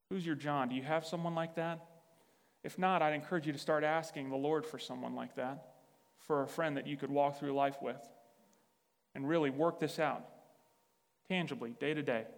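A man preaching in a casual, conversational way, his fairly high voice ringing with a long reverb. He tells a personal story and acts out the dialogue, with dry, self-deprecating humor. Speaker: pastor.

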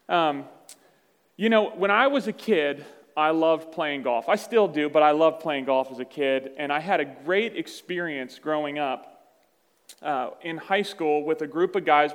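Storytelling pastor in a reverberant church. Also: male voice, fairly high pitch, a bit bright. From Virginia, USA. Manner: conversational storytelling, self-deprecating. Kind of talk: sermon. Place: church sanctuary.

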